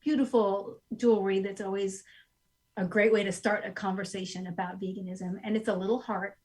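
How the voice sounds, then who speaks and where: A woman in her forties, guest on a casual podcast interview, telling her story with lively quoted asides in her own voice. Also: medium pitch, brisk, slightly rough. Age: 40s. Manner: animated storyteller who acts out her past self in quotes. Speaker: guest, goat sanctuary owner. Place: rural home.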